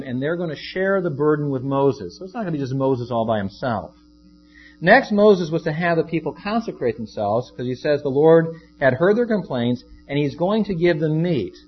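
Conversational male pastor preaching. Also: mid-range voice. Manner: conversational, shifts into acted quotes. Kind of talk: sermon. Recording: dull lo-fi with faint guitar.

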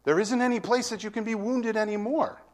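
A middle-aged man preaching a sermon, reading scripture and explaining it with lively shifts between loud and soft delivery. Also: high voice, fairly quick. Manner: expressive teaching, swings from loud to soft, acts out voices. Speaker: pastor.

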